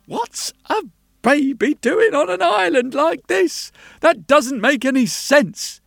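Male storyteller does a kindly, worried sailor muttering to himself, raised and slow, over faint guitar. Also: extremely high pitch, expressive, vocal fry, fairly bright tone, no echo, studio quality, voice pushed up, heavily acted. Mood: puzzled. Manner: fretful, soothing, talks to himself. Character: gentle lone male sailor, anxious yet tender.

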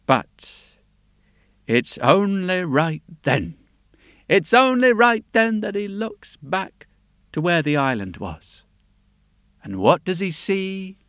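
A man telling a folk tale aloud in a lilting, unhurried way, with asides to the listener. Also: high-pitched. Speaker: storyteller. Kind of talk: oral storytelling. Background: soft guitar.

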